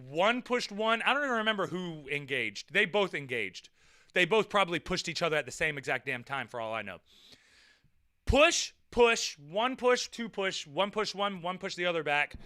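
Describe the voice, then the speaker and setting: A man with a high, very bright voice spins a rambling personal story. He repeats himself constantly and swears freely in a casual tone. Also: clean tone. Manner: rambling, repetitive and profane. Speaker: vlog host.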